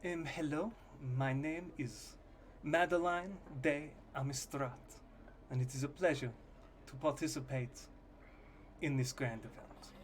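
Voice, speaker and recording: A man voicing a shy, polite young woman who speaks quietly and hesitantly. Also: a little high, steady tone, unhurried, slight background noise, close to an everyday voice. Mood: timid.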